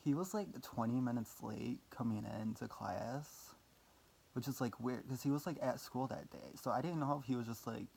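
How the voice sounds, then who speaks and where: A man's voice: mid-range voice, moderate pace, gravelly, darkish tone, slightly rough. A young man telling a personal story in a casual vlog, rambling with lots of fillers, swearing casually and making fun of himself. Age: young adult. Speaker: vlogger.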